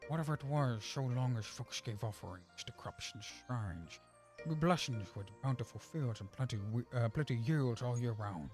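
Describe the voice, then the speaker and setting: A man's voice: mid-range voice, moderate pace, a little mellow, soft background music, pitched below the performer's own voice, natural voice. A man voicing a folksy old village man who rambles through a story, reading game dialogue aloud with a drawl.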